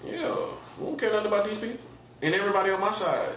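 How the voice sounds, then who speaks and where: A male street preacher delivers a provocative monologue in an animated, rapid-fire voice that is a bit bright, with a little hiss or hum. He taunts and repeats himself, swinging from mocking highs to low, earnest tones. The recording is roomy, dull and lo-fi, with faint ambience.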